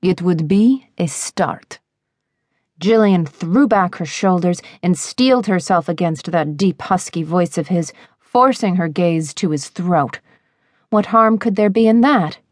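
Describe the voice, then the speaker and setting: A woman narrating a romance audiobook in a measured, expressive reading on a close studio mic. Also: lowish voice, no room sound.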